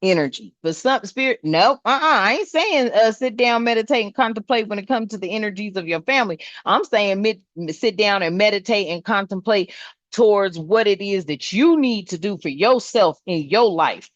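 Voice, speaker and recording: A woman's voice: mid-range voice, expressive, normal speed, dry recording. A woman doing a tarot reading in a casual chat, laughing often and swearing freely in slangy speech. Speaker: tarot reader. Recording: dull, slightly lo-fi sound.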